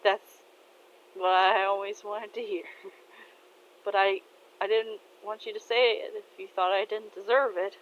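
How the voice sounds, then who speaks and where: A woman voicing a soft-hearted, tearful father who talks to his daughter in a tender, soothing way. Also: mid-range voice, steady tone, measured pace, pauses often, dull audio, slight background noise, close to an everyday voice.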